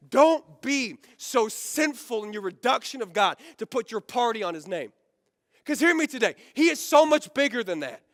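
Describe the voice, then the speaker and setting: High-voiced pastor preaching fast. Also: male voice, fairly bright tone, no echo, studio quality, big-room sound. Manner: fast, emphatic preaching with frequent "right?" asides. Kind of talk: sermon. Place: church sanctuary.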